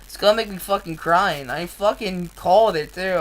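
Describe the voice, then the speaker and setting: A woman reading a novel aloud on a live stream, earnest and deliberate, with blunt, profane asides between passages. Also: mid-range voice, a little hiss or hum, rough recording. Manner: slow, earnest reading with frequent swearing in asides.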